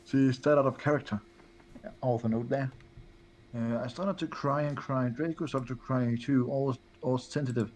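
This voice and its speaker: A young man, guest on a stream, reading a fanfic aloud in a flat deadpan way. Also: medium pitch, normal speed, slight background noise.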